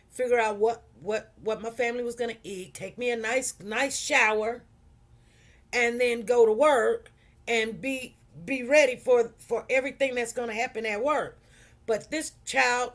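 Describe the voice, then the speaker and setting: A middle-aged woman with a Chicago accent chatting casually to her livestream viewers, repeating herself and talking straight to the audience. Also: fairly high pitch. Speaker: livestream host.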